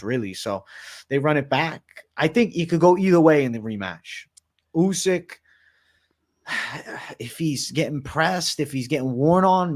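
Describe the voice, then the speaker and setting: A man co-hosting a casual livestream podcast, reading donations and chatting in a slangy, laid-back way. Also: on the high side.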